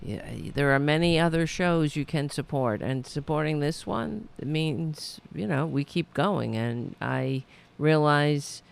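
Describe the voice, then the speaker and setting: A woman's voice: low-pitched, slow pace, gravelly, few pauses, smooth. A woman hosting her own livestream show, talking casually to her viewers in a rambling, profane way with sudden emphatic rises. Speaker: show host.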